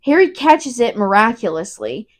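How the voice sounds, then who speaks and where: A woman's voice: a little high, sing-song. Chatty young woman retelling a book. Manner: rambling, fills every gap with "like", quick retelling. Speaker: podcast co-host. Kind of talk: casual book review chat.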